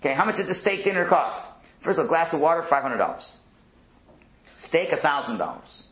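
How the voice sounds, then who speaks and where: A man teaches a Torah class with a lively, animated delivery and keeps throwing rhetorical questions at his listeners. His voice sits a little high and bounces through a wide range. The room adds a noticeable echo. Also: brisk. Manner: animated, asks rhetorical questions, acts out quotes. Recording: roomy echo.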